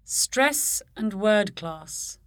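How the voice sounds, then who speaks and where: A woman reading a pronunciation lesson, enunciating each word slowly and deliberately. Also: medium pitch, animated, fairly bright tone, dry recording, studio quality. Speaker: pronunciation course reader. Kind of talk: slow, careful scripted reading of word lists.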